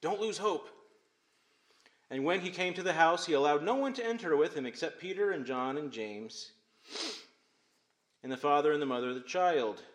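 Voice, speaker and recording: A man's voice: on the high side, expressive, moderate pace, pauses often. Man preaching in an echoey room. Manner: preaching with emphatic swings between loud and hushed. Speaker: pastor. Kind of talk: sermon.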